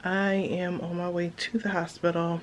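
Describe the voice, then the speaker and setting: A woman's voice: fairly low pitch, little pitch movement, normal speed, a little hiss or hum. A woman chatting casually through a vlog update, with lots of fillers. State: out of breath. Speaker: vlogger. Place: car, then hospital room.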